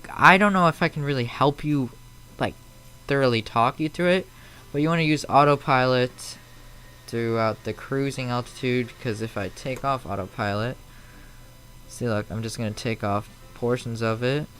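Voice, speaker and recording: A man's voice: medium pitch, moderate pace, a bit bright, slight background noise. A man streaming a flight simulator from home, chatting loosely and answering viewers' messages aloud as they come in. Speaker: flight sim live streamer. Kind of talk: casual live-stream chat.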